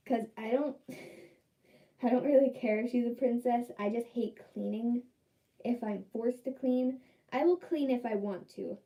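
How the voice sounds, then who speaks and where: Slow, rambling young woman vlogging. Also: on the high side, mellow, rough recording. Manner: rambling, exasperated, full of fillers. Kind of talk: casual vlog chat while dyeing hair.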